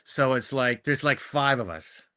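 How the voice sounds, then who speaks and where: A man's voice: mid-range voice, measured pace, smooth. A middle-aged man, a guest actor, telling casual stories about his work and acting out the lines people said to him. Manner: animated, acts out quoted dialogue. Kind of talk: casual storytelling.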